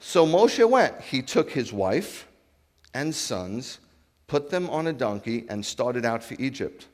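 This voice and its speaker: A man preaching a sermon as a rabbi, animated, acting out dialogue and asking his congregation questions. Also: medium pitch, takes it slowly, big-room sound. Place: congregation hall.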